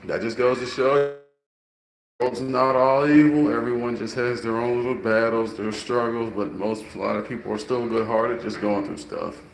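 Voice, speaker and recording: A man's voice: mid-range voice, level tone, normal speed, creaky. A man telling everyday stories in an earnest, preaching way. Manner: earnest, preachy, acts out voices. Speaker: storyteller. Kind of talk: casual storytelling monologue. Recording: roomy, faint background noise.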